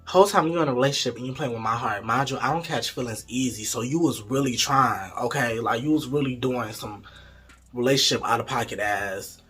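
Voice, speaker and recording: A young man telling a storytime vlog story in an animated, profane, gossipy way. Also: mid-range voice, husky. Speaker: vlogger.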